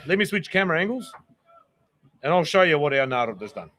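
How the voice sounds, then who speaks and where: A man, hosting a streamed chat show, talks in a slightly higher-than-usual voice. He is blunt and swears freely, getting worked up as he goes. The sound is casual and unscripted. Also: sing-song, quick pace, sharp tone. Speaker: podcast host.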